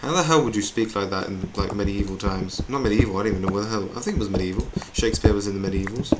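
A man's voice: lowish voice, racing, few pauses. Chatty young man gaming. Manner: chatty, rambling, self-mocking. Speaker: gamer. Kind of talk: gameplay commentary. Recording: noisy home recording with keyboard clicks.

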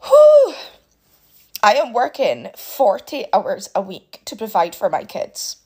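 A British woman pours out her money worries into a phone held at arm's length. Her voice is husky and swings widely in pitch, climbing as she gets worked up and clipping off her swear words. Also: lively intonation, a little slow, darkish tone. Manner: upset, swears with clipped-off words, voice rising and breaking. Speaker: single parent venting. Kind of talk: emotional vent to camera.

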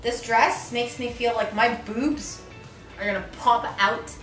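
A woman of thirty in a casual birthday vlog, gushing and gasping with excitement as she unpacks and tries on outfits. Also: on the high side, unhurried. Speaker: vlogger. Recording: echoey room, mic at a distance, loud music. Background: music.

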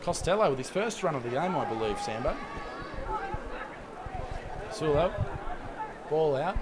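A man giving fast, jokey play-by-play commentary on a rugby league match from a commentary box. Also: fairly high pitch. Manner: rapid, excitable, jokey play-by-play. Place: commentary box at an outdoor ground. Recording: loud crowd and outdoor noise.

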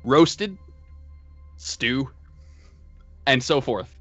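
Male game master, lively and playful, bright tone. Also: medium pitch, very slow, dry recording, soft background music. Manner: lively, playful narration with voice switches. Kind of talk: narrating a tabletop game.

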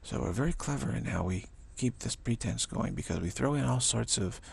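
A man's voice: medium pitch, expressive, a little fast, creaky, slightly rough. A man giving a casual spiritual talk outdoors in the evening, musing, repeating words and acting out the voices he quotes. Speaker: spiritual teacher.

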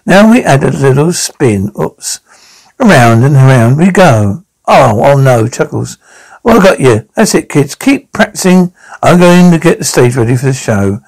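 A man's voice: medium pitch, big pitch swings, normal speed, creaky, a little mellow. A man voicing a kindly older vampire grandfather who cheerfully leads children through a dance in a cartoon.

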